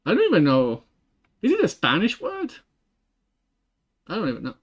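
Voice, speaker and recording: Italian-accented man thinking aloud, halting. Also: high voice, huge pitch swings, husky. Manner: halting, full of fillers and restarts. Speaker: game developer streaming his work. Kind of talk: thinking aloud while working. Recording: dull lo-fi stream audio.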